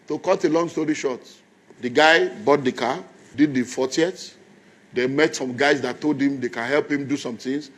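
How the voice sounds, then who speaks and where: A man, a pastor giving a motivational talk as an animated storyteller who acts out the dialogue. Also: mid-range voice, normal speed. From Nigeria.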